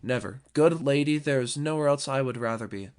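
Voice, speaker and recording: A man's voice: medium pitch, a little fast, a little mellow, clear, resonant tone, natural voice. A young man playing a flamboyant, charming young captain who speaks in a theatrical, gloating way in an audio drama. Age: young adult.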